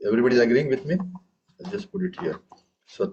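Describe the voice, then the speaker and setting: A man with a medium-pitched, gravelly, darkish voice teaches tabla a little fast and with lively intonation, recorded in muffled sound. Addressing a room of students, he's patient, repeatedly asks "okay" and "right?", and chants the rhythm syllables aloud.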